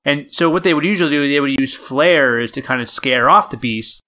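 A man co-hosting a casual news chat, playful and quick to laugh. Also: on the high side, pushed and bright. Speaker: podcast co-host.

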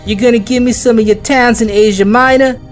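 A man voicing a bossy Persian king as a comic mobster, his voice pushed much higher. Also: steady tone, racing, pushed and bright, faint music behind. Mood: menacing.

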